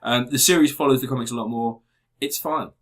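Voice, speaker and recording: A man's voice: medium pitch, a little fast, a bit bright. A man co-hosting a podcast, chatting casually in a blunt, sweary, rambling way. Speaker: podcast co-host. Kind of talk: casual review chat.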